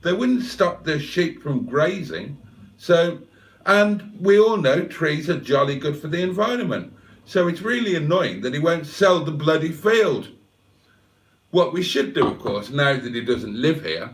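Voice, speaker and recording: A man's voice: medium pitch, distant mic. Rambling man, set back from the mic. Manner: rambling, wry storytelling with self-mocking asides. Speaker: livestream host. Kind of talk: casual livestream chat.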